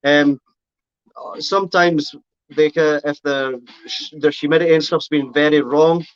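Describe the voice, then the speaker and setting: A man's voice: fairly high pitch, steady tone, unhurried, smooth, no echo, lo-fi sound. A man chatting casually on a live stream, rambling and correcting himself as he answers comments. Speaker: reptile keeper streaming live.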